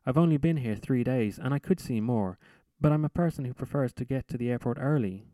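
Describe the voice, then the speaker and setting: A man's voice: mid-range voice, brisk, dark tone, no room sound, voice pushed up, natural voice. A man voicing a polite, apologetic Italian salesman from Milan with an Italian accent. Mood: eager, chatty. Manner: eager, over-polite.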